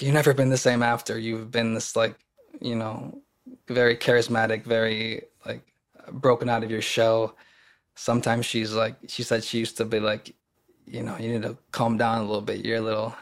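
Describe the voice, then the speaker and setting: A young man, a podcast guest and actor, telling a personal story in casual conversation, rambling with fillers and restarts and acting out quoted voices. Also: mid-range voice.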